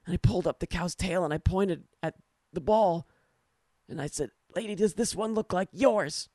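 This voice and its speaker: Chatty joke golfer with a lifted voice, animated telling, done by a man. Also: high voice, moderate pace, no room sound, studio quality, pitched above the performer's own voice. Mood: storytelling. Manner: animated storytelling. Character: adult male golfer spinning a long tale.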